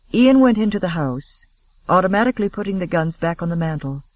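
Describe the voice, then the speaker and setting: A male narrator with a notably high-pitched voice reads a romance audiobook with steady, expressive pacing. The sound is very dry and close. The audio is slightly muffled, lacking top-end sparkle. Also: a little fast, dry recording.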